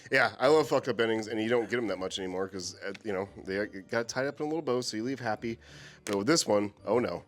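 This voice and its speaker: A man co-hosting a casual chat about horror movies, animated and swearing freely. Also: lowish voice, fast, soft background music. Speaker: co-host.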